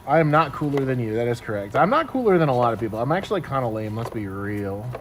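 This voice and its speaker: A man's voice: mid-range voice, very animated, quick pace, a little hiss or hum. A young man streaming while opening card packs, joking playfully with friends. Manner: playful, self-mocking, laughs often. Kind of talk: casual banter on a livestream. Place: indoor room with buzzing lights. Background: faint light buzz.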